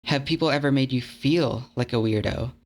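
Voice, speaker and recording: A man's voice: medium pitch, moderate pace, vocal fry. A young man narrating a video essay in an earnest, conversational, slightly self-deprecating way. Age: young adult.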